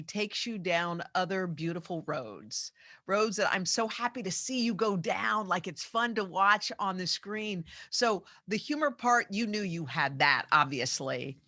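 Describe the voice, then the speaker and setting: Female talk show host, bright tone, dry close sound, prompting questions. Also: fairly low pitch, dry recording. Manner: warmly prompting questions, soft listening sounds.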